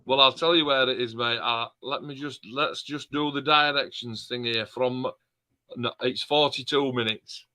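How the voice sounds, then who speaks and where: A man's voice: medium pitch, fairly even intonation, normal speed, bright, forceful tone. A man co-hosting a live stream, chatting casually, joking and swearing with his friend. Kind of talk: casual chat.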